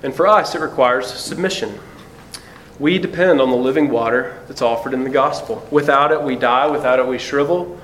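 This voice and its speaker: A man preaching a sermon in an earnest voice, slowing down and dropping low to stress key words. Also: fairly bright tone, slight background noise, poor audio. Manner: earnest preaching, slows and drops low for emphasis. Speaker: pastor.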